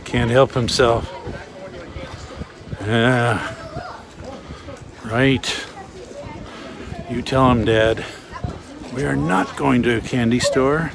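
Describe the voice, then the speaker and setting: A man's voice: medium pitch, steady tone, extremely slow, gravelly, long pauses, crowd noise. A man hosting a casual walking vlog outdoors along a waterfront, giving chatty, joking tour-guide commentary. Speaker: vlog host.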